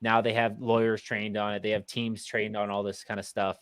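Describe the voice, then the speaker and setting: A man's voice: on the low side, flat delivery, normal speed, fairly bright tone, clear, resonant tone, dry recording. A man co-hosting a podcast, talking in a casual, hesitant way with many fillers and restarts. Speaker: podcast co-host.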